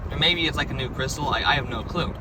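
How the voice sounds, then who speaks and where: A man's voice: medium pitch, fast talker, heavy background noise. A young man casually recounting a strange dream, rambling with stumbling restarts and lots of "right?" and "like". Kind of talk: casual storytelling.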